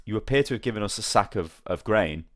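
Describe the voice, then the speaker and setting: A man's voice: fairly low pitch, animated, no room sound, clean studio sound, lightly acted. A man doing a stern military general. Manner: formal, measured and unbending. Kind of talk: comic retelling of game dialogue.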